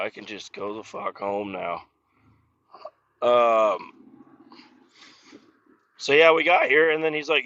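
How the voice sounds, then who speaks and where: A man's voice: mid-range voice, takes it slowly, vocal fry, pauses often, sharp tone, dry recording, lo-fi sound. Foul-mouthed man ranting in a car. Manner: profane, exasperated griping. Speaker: podcast host. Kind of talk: casual solo rant. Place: in a car while driving.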